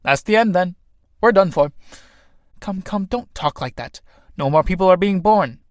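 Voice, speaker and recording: A man's voice: high voice, lively intonation, normal speed, dry recording, studio quality, pitched above the performer's own voice. A man reading the part of a dour, pious old female nurse in an audiobook of a play, in a preachy way. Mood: gloomy.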